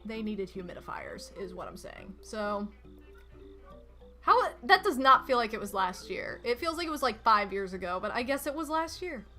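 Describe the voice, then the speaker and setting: A young woman streams a game from home and rambles through stories for her chat. Her voice is bright and a little high, and she speaks in a loose, animated way with plenty of "like." Faint game music plays underneath. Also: moderate pace. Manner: chatty, animated storytelling with lots of "like" and laughs. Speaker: streamer playing a video game. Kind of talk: casual gaming stream chat.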